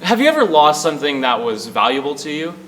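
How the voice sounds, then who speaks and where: A man's voice: on the high side, big pitch swings, fast, fairly bright tone, distant mic, slight background noise. A young man introducing his competition piece with earnest rhetorical questions. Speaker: student competitor. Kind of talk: speech tournament introduction.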